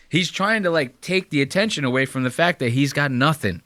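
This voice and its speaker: Animated man mocking a clip. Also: fairly high pitch, brisk, dry recording, studio quality. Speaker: reaction commentator. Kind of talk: casual profane reaction commentary.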